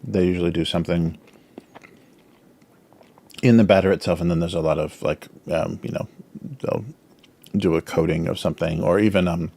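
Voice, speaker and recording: A man's voice: low-pitched, fairly even intonation, moderate pace, gravelly, long pauses, dark tone. A man hosting a casual drawing livestream, rambling with many fillers and talking with his mouth full as he snacks. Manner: filler-heavy, chuckles often. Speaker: livestream host, cartoonist.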